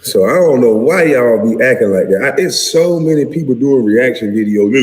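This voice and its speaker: A man in his forties, a retired pro athlete, ranting to camera in a profane, heated, animated way. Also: mid-range voice, moderate pace, hardly any pauses. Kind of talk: casual rant to camera. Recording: echoey room with long reverb.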